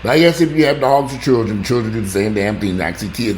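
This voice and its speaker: A deep-voiced man rambles to his viewers in a casual monologue. His pitch rises and falls widely as he jumps from loud exclamations to muttered asides. A faint hiss of noise sits behind him. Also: lively intonation, fast, few pauses. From United States. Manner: rambling, joking, talks straight to the audience. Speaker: vlogger.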